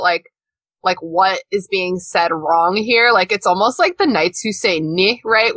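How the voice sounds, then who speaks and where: A woman co-hosts a casual podcast chat, animated and prone to laughing and swearing. Her voice is bright and close to the mic in a dry room. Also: medium pitch, dry recording. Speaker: podcast co-host.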